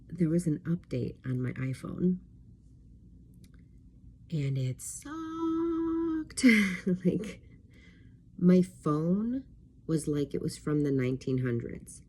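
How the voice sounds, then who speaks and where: A woman speaks slowly and without hurry, her voice low and warm. It has a husky, slightly breathy grain. She is a life coach telling a personal story straight to camera, candid and rambling, with frequent fillers. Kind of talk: casual talking-to-camera vlog.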